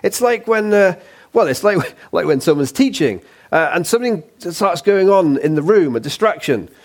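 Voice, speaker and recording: A man's voice: high voice, expressive, moderate pace, darkish tone. A man preaching a sermon in a church, conversational and playful, with humorous asides.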